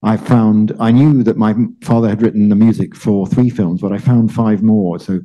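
Husky, mellow man panel guest. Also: lowish voice, steady tone, normal speed, poor audio.

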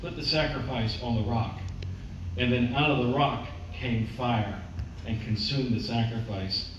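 A man's voice: mid-range voice, measured pace. A man teaches a sermon as a story, acting out what the people in it say. He is recorded from a distance in a very echoey church hall. The sound is dull, with faint room noise behind him. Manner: conversational storytelling, acts out quotes. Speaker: preacher.

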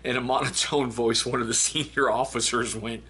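A man's voice: mid-range voice, steady tone, normal speed, sharp tone, a little hiss or hum. A man hosting a casual book review video, reading funny excerpts aloud and laughing often. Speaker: book review channel host.

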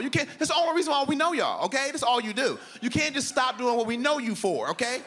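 Animated man telling a stand-up story. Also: very high voice, fast, hardly any pauses. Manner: animated storytelling, acts out both sides of an argument. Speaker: stand-up comedian. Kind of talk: stand-up routine. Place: comedy club stage.

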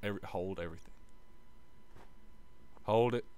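A man's voice: fairly low pitch, normal speed, darkish tone, clean tone, dry recording. A man giving a casual gameplay tutorial, muttering and swearing as he plays and humming little sound effects like "bop bop" under his breath. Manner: offhand, self-mocking tone. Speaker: gaming video creator.

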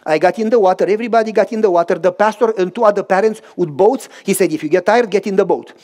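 Fast and high-pitched, a male pastor animatedly tells a story during his sermon. He acts out voices and rhythmic sounds, leaning on short, emphatic repeated phrases and hitting each word hard.

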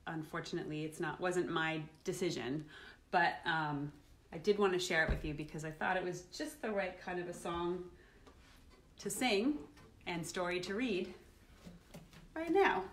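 A middle-aged woman hosting a children's livestream, reading a picture book aloud at home in a playful, animated way and acting out the feelings. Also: fairly low pitch, normal speed, pauses often, slight background noise. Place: at home, live streaming.

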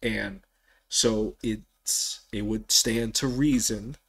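A man hosting a casual solo sports podcast, rambling with frequent restarts and animated bursts of excitement. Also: fairly low pitch, extremely slow, gravelly, husky. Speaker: podcast host.

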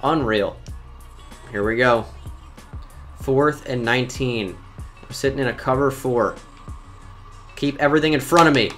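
A young man giving live commentary on his own football video game, excitable and talkative, jumping from loud outbursts to muttered complaints about his players. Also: medium pitch, a little slow, pauses often, faint music behind. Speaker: gaming YouTuber.

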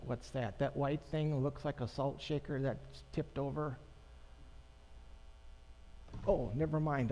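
A pastor giving a sermon to his congregation in a conversational, unhurried way, pausing and making asides to the people in the pews. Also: a little high, a little mellow. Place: church sanctuary. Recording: long church reverb.

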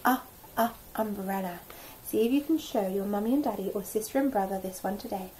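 A woman teaching a phonics lesson to nursery children, sounding out letters slowly in an exaggerated, encouraging way. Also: medium pitch, warm tone, a little hiss or hum, poor audio. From England. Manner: drops to a whisper now and then.

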